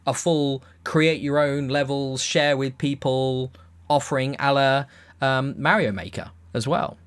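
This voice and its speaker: A man's voice: mid-range voice, steady tone, unhurried, fairly bright tone, clean tone. A young man hosting a casual podcast chat, jokey and rambling, often restarting his sentences. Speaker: podcast host.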